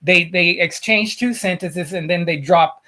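A man's voice: sits high, measured pace, pushed and bright. Emphatic man stumbling over his words. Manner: emphatic, repeats words while searching for them. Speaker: podcast co-host. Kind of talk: casual chat about film.

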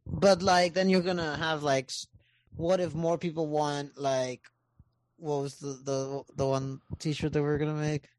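A male guest in a casual podcast chat stumbles through his thoughts with fillers and curses. His voice sits slightly high and sounds dry and close. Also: flat delivery, darkish tone, dry recording. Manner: halting, filler-heavy, profane.

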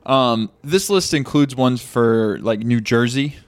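A man's voice: medium pitch, takes it slowly, dry recording. A man hosting a casual podcast chat, talking hesitantly with many restarts. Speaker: podcast host.

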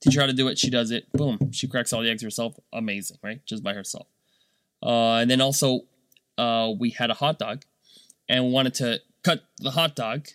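A man's voice: medium pitch, fairly bright tone, no room sound, studio quality. A man in his thirties, a business owner and dad, talking casually and full of fillers and rhetorical "right?" checks. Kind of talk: casual monologue.

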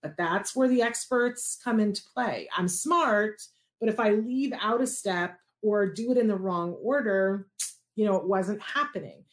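A woman telling a personal story as a parent, animated and acting out the quoted dialogue. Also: medium pitch, a little slow.

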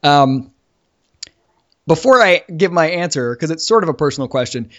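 A man hosting a podcast in casual chat, talking quickly and laughing easily. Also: on the high side, animated. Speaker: podcast host. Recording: dull lo-fi sound.

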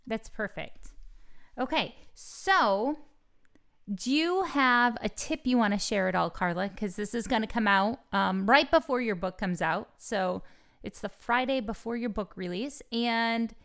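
A woman hosting a casual podcast, friendly and quick to agree, joking about her own habits. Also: a little high, fairly bright tone. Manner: friendly, agreeing, self-deprecating. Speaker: podcast host.

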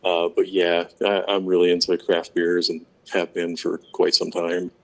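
A man from Florida answering interview questions in a relaxed, hesitant way with lots of ums. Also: deep voice, normal speed. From Florida, USA. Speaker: interview guest, pipe maker.

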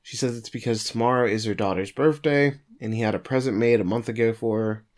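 A man co-hosting a podcast, giving a steady plot summary of an anime episode with occasional fillers. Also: medium pitch, brisk. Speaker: podcast co-host recapping an anime. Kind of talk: casual episode recap.

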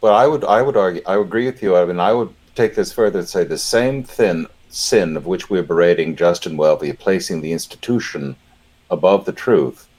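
A man's voice: deep voice, brisk, darkish tone. A man giving impassioned commentary, indignant and emphatic. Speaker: panelist.

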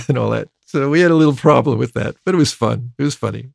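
An older man, a record producer telling stories from his youth in an interview, with many halting restarts. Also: medium pitch, animated, vocal fry, no room sound, clean studio sound. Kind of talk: storytelling interview.

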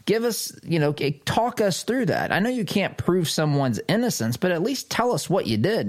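Reading an article aloud on his political commentary show, a middle-aged host speaks in a sing-song way at moderate speed. His reactions are sarcastic, punctuated by emphatic jumps in pitch.

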